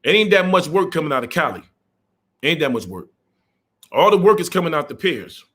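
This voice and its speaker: A middle-aged truck driver hosts a live stream, ranting bluntly in a fairly high, fairly bright voice. He's very animated and fairly quick, repeating himself and stopping mid-rant to greet viewers.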